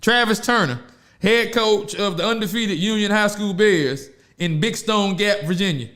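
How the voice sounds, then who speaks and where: A man's voice: high-pitched, moderate pace. A man hosting a casual podcast, telling stories with slang and laughing often. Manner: animated storyteller, laughs often, Southern slang. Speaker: podcast host. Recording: echoey room.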